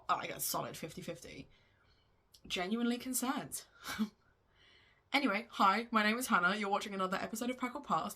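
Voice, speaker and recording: A woman's voice: mid-range voice, sharp tone. A young woman vlogging about her books in a chatty, gushing way, often breaking off and restarting mid-sentence. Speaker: book vlogger. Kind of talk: casual chat about books.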